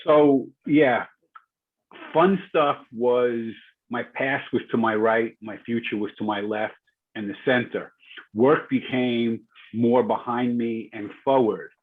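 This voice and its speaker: A man student in an online class, speaking in a measured, plain way over tinny call audio. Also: medium pitch, fairly even intonation.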